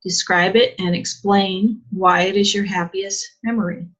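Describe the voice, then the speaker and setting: A woman's voice: medium pitch, steady tone, unhurried. A woman teacher giving a chatty English exam lesson, asking rhetorical questions and using plenty of fillers. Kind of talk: online lesson. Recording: dull lo-fi sound.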